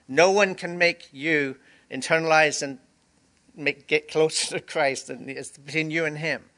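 Bright-voiced pastor preaching earnestly. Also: male voice, on the high side, steady tone, a little slow. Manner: earnest storytelling with emphatic repetition. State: sniffling, teary. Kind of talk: communion sermon.

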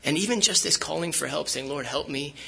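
A man's voice: fairly high pitch, a little fast, gravelly, pushed and bright, breathy edge, low-quality recording. A man preaching a sermon as pastor, speaking conversationally with frequent fillers and restarts.

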